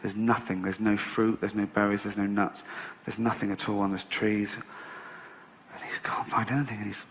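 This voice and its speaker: A man's voice: lowish voice, level tone, a little fast, hardly any pauses, a little hiss or hum. A man doing stand-up, telling a long story with sardonic asides and plenty of swearing. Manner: sardonic, swears freely, mock-innocent storytelling. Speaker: stand-up comedian.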